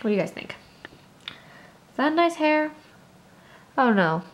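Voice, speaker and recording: A woman's voice: high voice, big pitch swings, measured pace. A young woman talking casually to her viewers in a rambling vlog, full of "like" and "um". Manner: rambling, filler-heavy talk. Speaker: vlogger. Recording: echoey room with faint noise.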